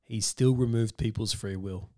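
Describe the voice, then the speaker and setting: A man with a fairly low voice, co-hosting a relaxed film podcast. He explains comic-book lore at length and laughs often. The sound is dry, with no room echo. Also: normal speed. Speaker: podcast co-host. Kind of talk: casual film discussion.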